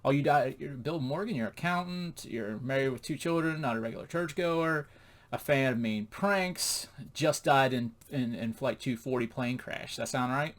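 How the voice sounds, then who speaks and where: A man voicing a calm, matter-of-fact male Jesus in a casual comic retelling. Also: medium pitch, moderate pace, natural voice.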